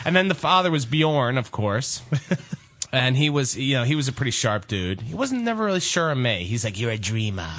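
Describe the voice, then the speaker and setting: A man spins a long, rambling anecdote on a podcast with plenty of animation and laughter. His voice is bright, and his intonation swings freely up and down. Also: mid-range voice, big pitch swings, moderate pace. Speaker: podcast co-host. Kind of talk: casual storytelling.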